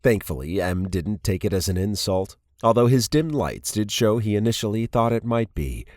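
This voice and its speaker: Deep-voiced male audiobook narrator. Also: normal speed, no room sound, clean studio sound. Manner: steady storytelling, varied character reads. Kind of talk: scripted narration.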